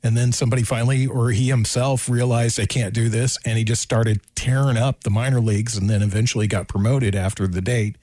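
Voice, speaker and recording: A man's voice: mid-range voice, fairly even intonation, fairly quick, few pauses, a little mellow, dry recording, clean studio sound. A man co-hosting a sports radio show, talking casually and rambling as he thinks aloud. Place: radio studio.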